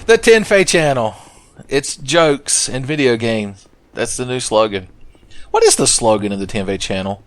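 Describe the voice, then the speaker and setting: A man rambles through a casual let's play, joking and swearing as he goes. His delivery is lively, with pitch that swings widely. The voice sits at an ordinary middle pitch for a man. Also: moderate pace, dry recording. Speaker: gaming channel host.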